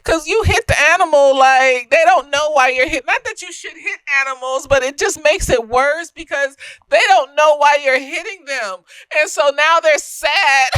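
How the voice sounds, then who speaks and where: A woman's voice: high-pitched, a bit bright, no echo. A young woman giving a casual, slightly tipsy film review, profane and emphatic, laughing often.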